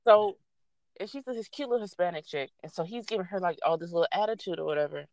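A young adult woman casually telling a story, animated and swearing freely as she acts out what people said. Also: on the low side, fast, dry recording.

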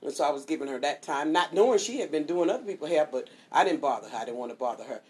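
A woman hosting a streaming devotional show, chatting casually and giving shout-outs before a Bible reading. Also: low voice, very fast. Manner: animated and chatty, swoops up on exclamations.

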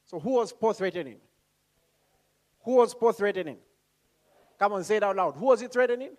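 A man preaching a sermon. He talks calmly and slowly, then rises to loud calls, asking the congregation questions and acting out voices. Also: high-pitched.

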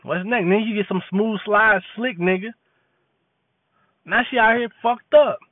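A man's voice: sits high, measured pace, no echo. Preachy man on a tinny line. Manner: preachy, repetitive, street slang. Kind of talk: impassioned monologue. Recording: tinny phone-like dry audio.

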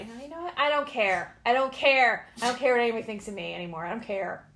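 A woman's voice: fairly high pitch, lively intonation, fast talker, a bit bright, a little hiss or hum. A woman in her late thirties hosting a casual solo podcast from home, blunt, sarcastic and defiant. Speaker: podcast host.

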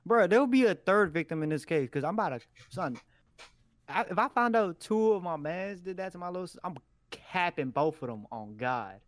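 A young man co-hosting a casual podcast, talking in an animated, slangy, profane way. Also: high-pitched, normal speed, no room sound. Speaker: podcast co-host.

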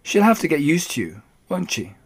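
Brief: man putting on a prim, no-nonsense grandmother over 70, brisk and firm. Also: a little high, wildly swooping pitch, breathy edge, voice pushed up, exaggerated voice. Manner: prim, matter-of-fact.

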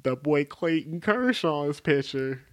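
A man hosting a podcast in a relaxed, joking way, rambling with fillers. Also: a little high, a little slow. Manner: laid-back, jokey, rambling with fillers. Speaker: podcast host. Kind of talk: casual chat.

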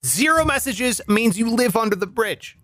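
A man's voice: very high-pitched, normal speed, no echo. A man performing a sarcastic comic monologue at home, delivering punchy jokes. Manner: sarcastic, punchy joke delivery, lively voice swings. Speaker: comedian host. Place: home, recording alone.

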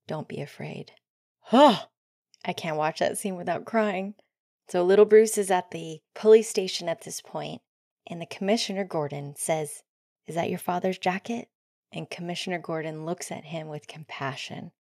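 A woman hosting a solo podcast, talking earnestly and often dropping into soft near-whispers. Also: on the low side, moderate pace, dry recording, studio quality. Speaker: podcast host.

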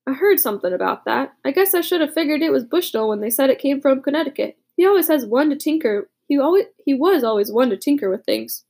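A woman doing a teenage boy soldier, gruff, blunt, high-pitched, gravelly edge. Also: animated, quick pace, hardly any pauses, a little mellow. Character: teenage boy soldier, rough former bully.

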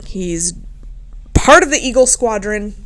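A woman hosting a casual podcast, telling a story in a profane, animated way and laughing often. She is a bit tipsy. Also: medium pitch, takes it slowly. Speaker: podcast host.

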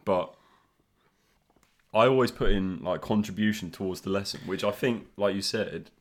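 A man's voice: low-pitched, normal speed. A young man, a podcast guest talking about his school days in casual, easygoing chat, swearing and laughing along.

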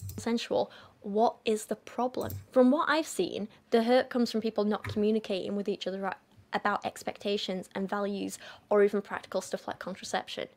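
Measured woman reading posts aloud. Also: medium pitch, steady tone, a little mellow.

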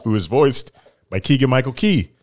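A man's voice: medium pitch, expressive, normal speed, darkish tone, no echo. A man co-hosting a casual chat podcast, talking animatedly and laughing through his impressions. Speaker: podcast co-host.

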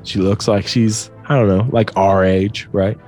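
A man's voice: fairly low pitch, level tone, a little slow, dark tone, soft background music. Young man telling a story, loose and profane. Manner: loose, profane, laughing often. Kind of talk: casual storytelling.

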